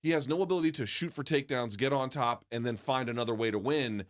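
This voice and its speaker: A man's voice: mid-range voice, fast. Opinionated man co-hosting. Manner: opinionated, emphatic, rambling restarts. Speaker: podcast co-host. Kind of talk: casual sports debate.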